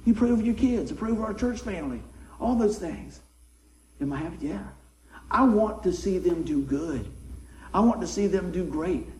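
A middle-aged man preaching a folksy sermon, swinging from soft asides to excited shouts. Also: high-pitched, normal speed, echoey room, slight background noise, low-quality recording. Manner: folksy, animated, rises to excited shouts then drops soft. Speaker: pastor. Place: church sanctuary.

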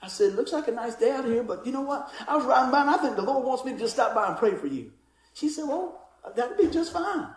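A man, a pastor, preaching a sermon with animated storytelling and acted-out voices. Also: very high-pitched, quick pace, reverberant, low-quality recording.

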